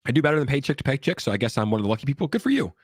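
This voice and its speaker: A man's voice: medium pitch, very fast, dry recording, studio quality. A man hosting a casual crypto livestream, upbeat and hyped as he reads viewer comments, sick and coughing now and then. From California.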